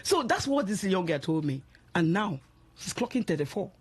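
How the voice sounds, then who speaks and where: A Nigerian woman co-hosting a casual radio talk, emphatic and animated, often checking "do you understand?". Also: on the low side, normal speed, husky. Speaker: radio co-host. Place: radio studio.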